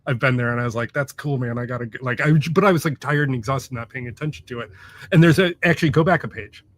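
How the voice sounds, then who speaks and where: A man of ordinary pitch chats as a guest author, with a loose and profane manner. He rambles through stories and packs them with fillers. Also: fast. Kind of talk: casual interview chat.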